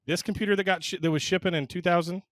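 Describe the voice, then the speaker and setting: A man's voice: high-pitched, fairly even intonation, fast, fairly bright tone, dry recording. A man in his thirties co-hosting a casual podcast, joking and rambling through his explanations. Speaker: podcast co-host.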